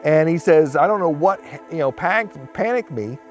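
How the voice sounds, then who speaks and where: A man's voice: on the high side, lively intonation, normal speed, soft background music. A man in an interview rambling through a retold story and slipping into quoted speech. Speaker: interviewee recounting a sighting.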